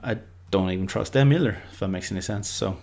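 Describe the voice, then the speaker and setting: Rambling man, lowish voice. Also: quick pace, creaky, darkish tone. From Ireland. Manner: rambling, loose, lots of filler words. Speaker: football prediction YouTuber. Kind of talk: casual unscripted commentary.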